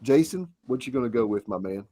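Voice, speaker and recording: A man hosting a casual fantasy football quiz, animated and quick to laugh. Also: mid-range voice. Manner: lively, animated, laughs often. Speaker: podcast host and quizmaster.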